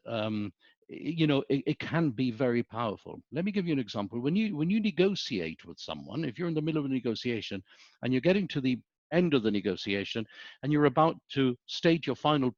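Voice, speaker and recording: A man's voice: medium pitch, no echo, dull audio. A middle-aged man, a business school professor giving a webinar lecture, telling anecdotes and often checking in with "okay?". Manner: anecdotal, animated storytelling with frequent "okay?" checks.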